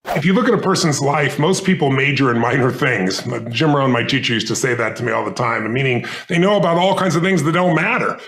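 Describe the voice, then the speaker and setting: A man's voice: medium pitch, a little fast, few pauses, a bit bright. A middle-aged man, a guest in an interview, telling stories earnestly and intensely and choking up with emotion. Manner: earnest, intense, gets choked up. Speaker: guest speaker.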